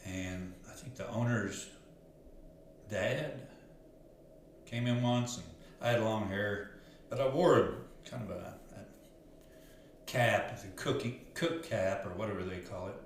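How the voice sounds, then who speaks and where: Male life coach, lowish voice, earnest and rambling, very echoey room with faint hiss. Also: slow, long pauses. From Arkansas. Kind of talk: casual storytelling monologue.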